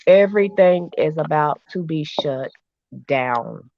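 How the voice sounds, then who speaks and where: A woman's voice: sits low, lively intonation, slow, no room sound. Woman guest, earnest and insistent, dry dull lo-fi audio. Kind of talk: casual chat.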